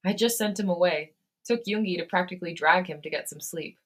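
A woman's voice: lowish voice, a little fast, lightly acted. Woman reading as a blunt, scared young man. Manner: blunt, clipped. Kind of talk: fan fiction read aloud.

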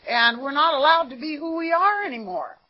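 A woman's voice: high voice, expressive, fairly quick. An American woman giving an earnest, conversational recovery testimony at a meeting, often saying "you know". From United States. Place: meeting room. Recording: dull lo-fi meeting tape.

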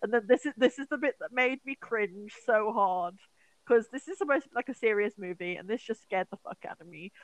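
A woman's voice: medium pitch, a little fast, dry recording, rough recording. A woman co-hosting a podcast, chatting casually as she recaps a horror film, swearing often and acting out the characters' lines. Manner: animated, profane, acts out the characters' lines. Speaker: podcast co-host.

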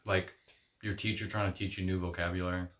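A young man co-hosting a rowdy casual chat, teasing and quick to laugh. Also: deep voice, level tone, fairly bright tone, slight background noise. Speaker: podcast co-host.

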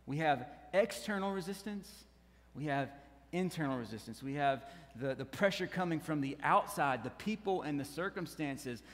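A man preaching a sermon as pastor, animated, rising and dropping, with frequent questions to the congregation. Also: on the high side, moderate pace, big-room sound. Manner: animated preaching that rises and drops, with asides to the congregation.

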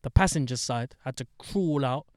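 A young man telling a story in casual chat, animated, swearing and getting heated as he talks. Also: moderate pace, no echo, clean studio sound. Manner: animated storyteller, swears, gets heated and high when indignant.

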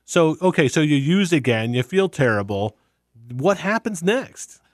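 A man hosting an interview, responsive and prompting, asking quick follow-up questions. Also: fairly high pitch, very animated, no echo, studio quality. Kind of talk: conversational interview.

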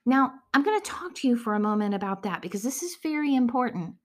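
Middle-aged woman, earnest Christian speaker; devotional teaching, slips into hushed whispers for emphasis. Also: on the high side, animated, fast talker. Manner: earnest, often drops to a soft whisper.

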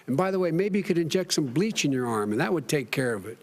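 A man's voice: fairly high pitch, very animated, quick pace, few pauses, darkish tone. An older man in a televised debate, speaking with passion, repeating himself and talking over others. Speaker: debate candidate.

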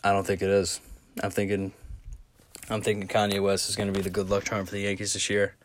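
A man's voice: fairly low pitch, completely flat delivery, fast. Tired, rambling young man podcasting. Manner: rambling, profane, tangent-prone. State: tired, yawning. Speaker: podcast host. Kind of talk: casual solo podcast rambling.

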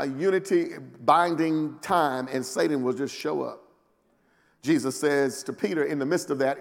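A male pastor delivers a sermon in a call-and-response style, dropping to low, quiet lines and then climbing to loud, emphatic peaks. His voice sits a little higher than most men's. It rings out with a long reverb, as in a large church. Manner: call-and-response preaching with frequent "amen" and rising shouted peaks; colloquial, repeats words for emphasis.

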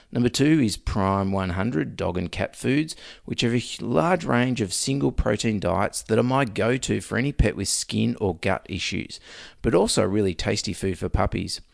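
A man's voice: lowish voice, creaky, dry recording. A man with an Australian accent, a veterinarian hosting his podcast, reading a scripted intro with a dry, joking tone.

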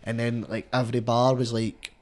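A young Scottish man, a rapper, telling stories in a rambling, animated, sweary way during a casual podcast chat. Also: medium pitch, normal speed. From Scotland. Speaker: rapper guest.

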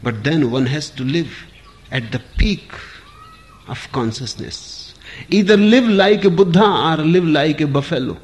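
A man giving a spiritual discourse, speaking in short phrases with long pauses between them. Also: fairly high pitch, expressive. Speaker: spiritual teacher.

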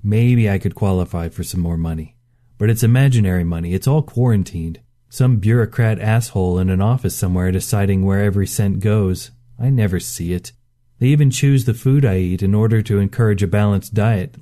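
A man reading a story voices a stubborn working man, a former fighter, in a gruff and defiant way, close to his own voice. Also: on the low side, a little fast, warm tone, natural voice. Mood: bitter.

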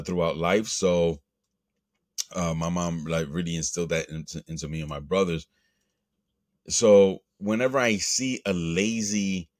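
Man, very deep voice, dry close sound, casual profane rant, rambling. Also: dry recording. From Latino, grew up in the US. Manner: rambling, profane, animated rants with put-on voices. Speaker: podcast host. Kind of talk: casual monologue.

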